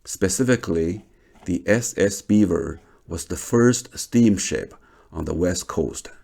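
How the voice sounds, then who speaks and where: A man giving a measured, scripted documentary narration. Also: low voice, gravelly, dark tone, slightly rough.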